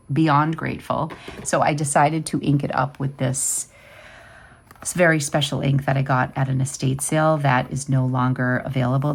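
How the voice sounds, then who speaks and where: A woman in her fifties hosts a vlog, chatting casually and rambling with plenty of fillers. Her voice is creaky and bass-deep.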